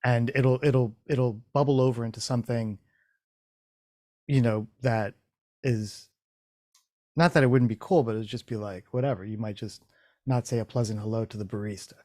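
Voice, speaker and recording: A man's voice: mid-range voice, fairly even intonation, normal speed, pauses often, mellow, no echo, clean studio sound. A man hosting a casual chat, telling a rambling story full of restarts and swearing, acting out his own thoughts in quotes. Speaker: podcast host.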